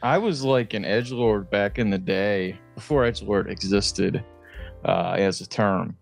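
A man's voice: on the low side, a little slow, gravelly, soft background music. A middle-aged man co-hosting a podcast, telling rambling, self-deprecating stories in casual chat. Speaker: podcast co-host.

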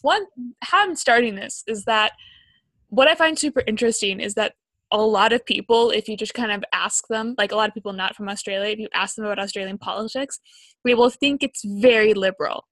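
A woman's voice: mid-range voice, brisk, a bit bright, no room sound. A young woman co-hosting a podcast, chatting and explaining things in a casual, self-deprecating way. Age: young adult. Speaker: podcast co-host.

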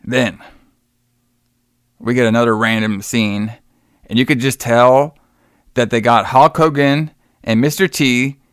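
A man's voice: medium pitch, fairly even intonation, a little slow, pauses often, fairly bright tone, smooth, no echo, studio quality. A man hosting a podcast, retelling a show in a rambling, laughing, swearing chat. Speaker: podcast host.

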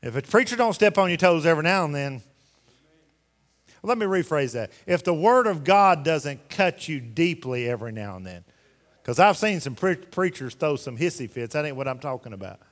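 Folksy preacher in an echoing hall. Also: male voice, fairly high pitch, sing-song, moderate pace. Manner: folksy, emphatic Southern-style preaching with rhetorical questions. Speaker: pastor. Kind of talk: sermon. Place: church sanctuary. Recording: long hall reverb.

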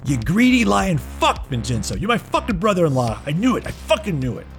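A man's voice: medium pitch, sing-song, normal speed, faint music behind, natural voice. A man voicing a ruthless, volatile male mafia boss in a tabletop game, cursing heavily. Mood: furious. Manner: profane, explosive, swings from fury to gratitude.

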